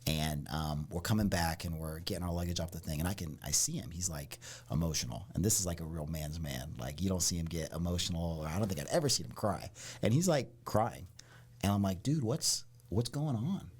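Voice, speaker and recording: A man from Ohio, a podcast guest, telling stories in a casual, animated way and often saying "like" and "dude". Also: deep voice, a little fast, slightly rough. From Ohio, United States. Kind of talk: casual storytelling.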